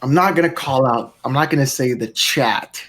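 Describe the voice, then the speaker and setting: A man's voice: medium pitch, fairly bright tone, a little hiss or hum. Male co-host, playful teaser, earbud mic. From Florida, US. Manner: teasing, drawn-out delivery. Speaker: podcast co-host. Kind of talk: casual gaming podcast chat. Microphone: wireless earbuds.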